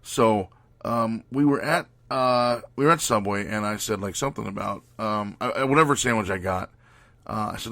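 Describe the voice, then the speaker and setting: A man's voice: on the low side, a little fast, bright, forceful tone, no echo. A man hosting his podcast, telling rambling, profane stories packed with fillers. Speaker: podcast host. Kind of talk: casual storytelling.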